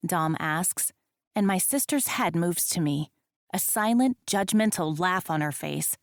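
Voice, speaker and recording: A woman reading a first-person romance audiobook, with a wry, expressive comic delivery into a close microphone. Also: lowish voice, a little slow, no echo. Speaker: audiobook narrator.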